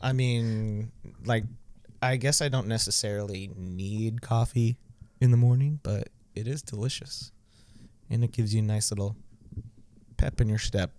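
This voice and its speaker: A man's voice: lowish voice, steady tone, unhurried, pauses often, warm tone. A man co-hosting a podcast in casual chat, offhand with dry shrugging asides. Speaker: podcast co-host.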